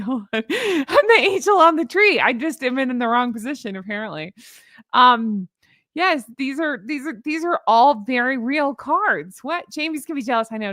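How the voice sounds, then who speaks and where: A woman's voice: fairly high pitch, fairly bright tone, no room sound. Giggly sarcastic woman vlogger, dry sound. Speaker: host. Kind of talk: casual commentary vlog.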